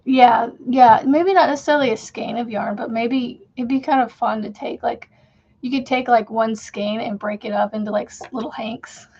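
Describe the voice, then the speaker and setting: A chatty woman in her thirties talks casually as she crochets on a home livestream, rambling from one thought to the next and laughing easily. Her voice sits a little high for a woman. The sound is dull and lo-fi. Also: fairly even intonation, normal speed, darkish tone, husky. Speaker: crochet channel host.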